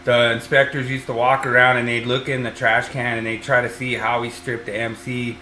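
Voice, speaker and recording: A man's voice: medium pitch, little pitch movement, a little fast, bright, forceful tone. A man hosting a podcast as an electrician, talking casually and rambling with lots of fillers and restarts. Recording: roomy echo.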